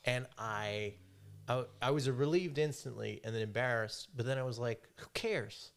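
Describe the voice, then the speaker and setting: A man talking as a podcast guest, his stories tumbling out in a lively, rambling way. He laughs easily through his own tales and swears casually. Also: mid-range voice, normal speed, gravelly, clear, resonant tone. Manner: animated storyteller, laughs often, swears freely.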